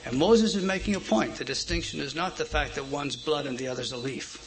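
A man preaching a sermon, emphatic, asking his listeners questions and swinging between loud stresses and quiet asides. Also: a little high, a little fast, background noise. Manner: emphatic, asks the audience questions.

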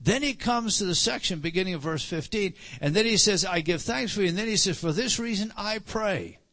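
A man's voice: high-pitched, animated, fairly quick, fairly bright tone. A man preaching a Bible teaching sermon, with frequent restarts and repeated words, rising for emphasis on key phrases.

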